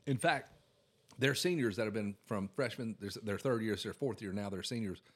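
A man's voice: on the low side, fairly quick, slightly rough. A man, telling stories in a casual chat and acting out the quotes. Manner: storytelling, acts out quotes.

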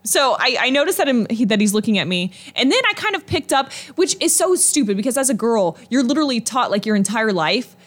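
A young woman co-hosting a podcast, telling a story in a chatty, animated way with lots of fillers. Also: on the high side, fairly quick, hardly any pauses. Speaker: podcast co-host. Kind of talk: casual chat, storytelling.

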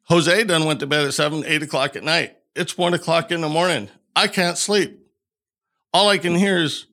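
Podcast guest, middle-aged man from Colorado, gravelly and bright, animated storyteller. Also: fairly high pitch, fairly quick. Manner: animated storyteller acting out quoted dialogue. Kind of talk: storytelling in an interview.

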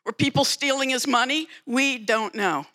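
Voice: high-pitched, moderate pace, bright, forceful tone. A preacher giving a sermon, retelling a story dramatically with emphatic repetition.

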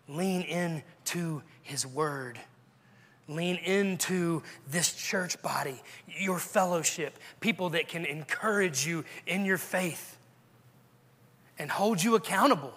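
A man's voice: fairly high pitch, measured pace, a bit bright, in a large hall. A male pastor preaching a sermon in a church, earnestly urging his listeners with repeated questions. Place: church sanctuary.

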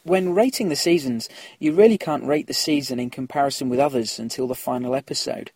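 A man's voice: medium pitch, a little fast, darkish tone, husky, no echo. A man hosting a casual podcast, chatting through listener emails and laughing at his own slips.

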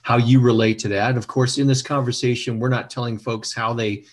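A male host responds in a calm, measured way, weighing his words as he speaks. His voice sits at an ordinary middle pitch for a man. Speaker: interview host. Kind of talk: conversational interview.

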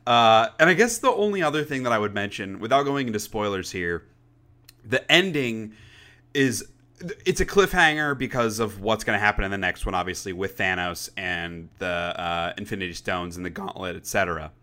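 A young man co-hosting a podcast, talking in a rambling, animated way and swearing casually. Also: on the low side, moderate pace. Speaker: podcast co-host. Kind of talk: casual chat.

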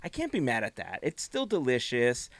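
A man hosting a casual podcast chat, relaxed and chatty, often laughing. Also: mid-range voice, normal speed, no room sound. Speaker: podcast host.

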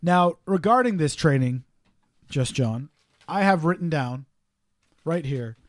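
A man's voice: fairly high pitch, animated, takes it slowly, dry recording. A man co-hosting a podcast, telling stories in casual, profane banter with a joking manner. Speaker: podcast co-host.

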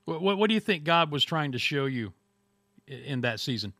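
A man's voice: on the high side, very animated, brisk, fairly bright tone, no room sound. A man hosting a podcast, asking thoughtful, reflective questions with some restarts. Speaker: podcast host. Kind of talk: interview questions.

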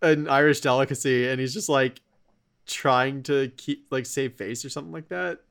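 A man's voice: medium pitch, normal speed, creaky. Chatty man retelling a TV episode. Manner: animated retelling, acts out quotes with laughs. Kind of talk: casual chat.

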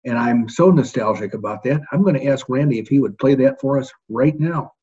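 A folksy man hosts a podcast, chatting loosely and joking through filler pauses. His voice is husky and a little breathy. The audio sounds dull and lo-fi. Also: mid-range voice, warm tone. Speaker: podcast host. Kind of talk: casual chat.

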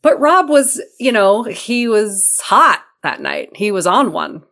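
A young adult woman chatting casually as a podcast co-host over a video call. She is animated and jumps her pitch up when she mimics others. Her pitch sits in the middle range. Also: slow. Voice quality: animated, acts out quotes with big pitch jumps. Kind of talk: casual chat. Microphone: remote video call.

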